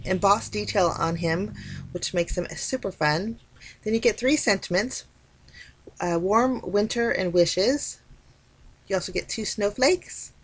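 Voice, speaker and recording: A woman hosting a crafting video, chatting enthusiastically as she walks through a card kit. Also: lowish voice. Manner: chatty, enthusiastic, frequent "super pretty". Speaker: crafting channel host. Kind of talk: casual product walkthrough.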